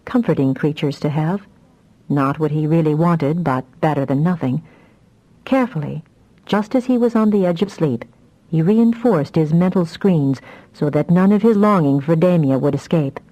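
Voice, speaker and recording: Mellow-voiced woman narrating a fantasy audiobook. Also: sits low, normal speed, dull audio.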